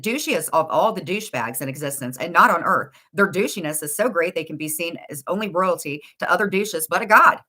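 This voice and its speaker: Middle-aged woman, low-pitched, blunt and insulting, casual ranting streamer. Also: lively intonation, brisk, few pauses, bright, forceful tone. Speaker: livestream commentator.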